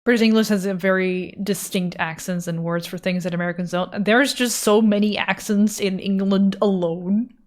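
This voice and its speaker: A young woman with a Dutch accent chats loosely while drawing on a livestream. She rambles from thought to thought at an ordinary mid pitch, dropping in casual swears along the way. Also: steady tone, normal speed, a little mellow. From Netherlands. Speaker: art streamer.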